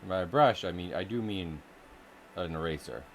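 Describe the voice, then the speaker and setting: A man's voice: deep voice, expressive, normal speed, slight background noise. A man streaming while he draws, chatting casually with viewers in a playful, joking way and laughing often. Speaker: live streamer and artist. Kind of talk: casual live-stream chat while drawing.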